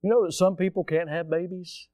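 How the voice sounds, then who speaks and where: Male pastor, high voice, dry close sound, emphatic sermon delivery. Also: fairly even intonation, fairly quick, no room sound. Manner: emphatic preaching with rising shouts and sudden quiet drops.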